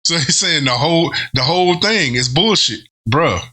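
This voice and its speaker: A man's voice: fairly high pitch, lively intonation, normal speed, bright, forceful tone. A man hosting a reaction video, thinking aloud about lyrics in casual commentary, with restarts and chuckles. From not from Britain.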